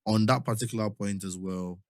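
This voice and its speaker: A man's voice: lowish voice, fairly even intonation, brisk, darkish tone, dry recording, studio quality. A man with a Nigerian accent hosting a podcast, talking earnestly and often asking "do you understand?". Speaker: podcast host. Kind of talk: casual chat.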